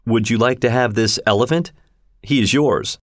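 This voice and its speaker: A man reading the lines of a calm, formal English gentleman traveller in a storybook, speaking in a composed, polite way. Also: mid-range voice, normal speed, dry recording, clean studio sound, lightly acted.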